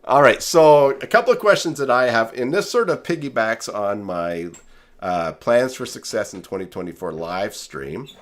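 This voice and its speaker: A man's voice: medium pitch, lively intonation, moderate pace. A man hosting a casual live stream from his studio, talking in a rambling way with many fillers and restarts. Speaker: host. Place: home studio.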